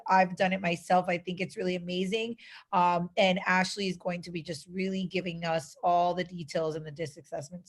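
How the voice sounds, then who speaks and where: Upbeat woman moderator. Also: lowish voice. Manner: upbeat, enthusiastic introductions. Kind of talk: event moderation.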